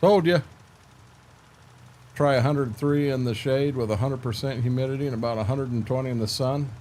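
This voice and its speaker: A man's voice: mid-range voice, normal speed, a little mellow, slight background noise. An older man chatting casually with viewers while streaming a farming game, laid-back and rambling, repeating words and filling gaps with "uh".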